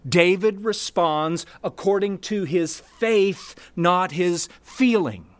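Slow, high-voiced man preaching. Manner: emphatic, repeats key words with deliberate pauses. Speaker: pastor. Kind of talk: sermon.

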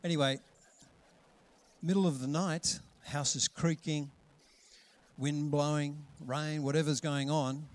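A middle-aged preacher delivers his sermon with lively energy. His voice sits slightly high for a man, and he acts out voices, jumping into loud, calling cries before settling back to talk. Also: takes it slowly. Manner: animated, acts out voices with big loud calls. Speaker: pastor.

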